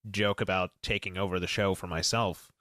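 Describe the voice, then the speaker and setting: A man's voice: sits low, flat delivery, brisk, fairly bright tone, no echo, clean studio sound. A man who is a regular on the podcast, teasing the others in a wry way on a casual online group call.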